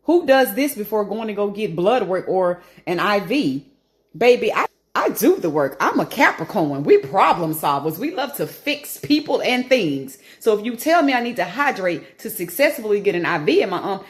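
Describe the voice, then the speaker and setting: Woman vlogger, casual home talk, emphatic rants, very expressive pitch. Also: moderate pace. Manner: animated, emphatic, ranting then laughing.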